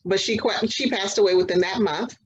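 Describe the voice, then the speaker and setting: A woman's voice: medium pitch, a little fast, dull audio. A woman guest in an interview, telling her personal story earnestly in casual conversation. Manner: earnest storytelling, acts out quoted exchanges.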